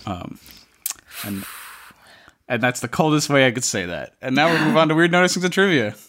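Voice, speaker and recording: A man hosting a casual podcast, leading the segments in an animated way. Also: a little high, fairly quick. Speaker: podcast host. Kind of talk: casual chat.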